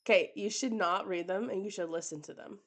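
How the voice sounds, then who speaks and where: A woman's voice: mid-range voice, brisk. A woman co-hosting a podcast in casual book chat, blunt, swearing freely and leaning on "like". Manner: chatty, leans on "like". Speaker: podcast co-host.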